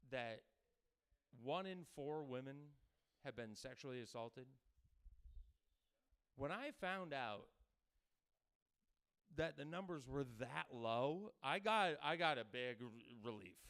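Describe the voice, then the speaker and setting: A man performing a crude stand-up comedy set, talking loosely and breaking into loud mock voices. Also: on the high side, clear, resonant tone. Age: adult with a daughter.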